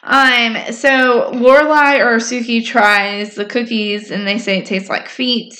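A woman's voice: fairly high pitch, steady tone, a little slow, sharp tone. A woman casually recapping a story in a rambling, chatty way with lots of fillers. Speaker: podcast co-host recapping episodes. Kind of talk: casual chat.

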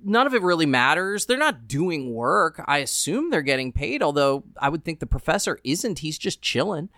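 A woman's voice: deep voice, sing-song, normal speed, a bit bright, dry recording, clean studio sound. A woman, a journalist, co-hosting a book podcast in a chatty, emphatic way. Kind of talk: casual book discussion and reading aloud.

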